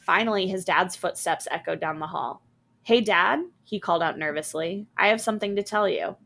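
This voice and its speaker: A woman podcast host reading a scary story aloud, expressive, with small character voices. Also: lowish voice, a little fast, creaky.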